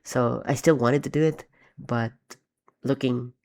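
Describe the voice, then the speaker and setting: A man with a gravelly, fry-laden voice chats casually about his own animation work. He rambles, trips over his words, and pokes fun at himself as he goes. His pitch sits in an ordinary middle range. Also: fairly even intonation, a little slow, a little mellow. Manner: rambling, self-deprecating, frequent ums and restarts. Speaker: animator vlogger. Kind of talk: casual behind-the-scenes commentary.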